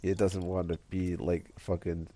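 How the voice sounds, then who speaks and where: A man's voice: deep voice, flat delivery, a little slow, dark tone. A man co-hosting a podcast, casually recapping with frequent laughs and swearing. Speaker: podcast co-host. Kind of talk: casual chat.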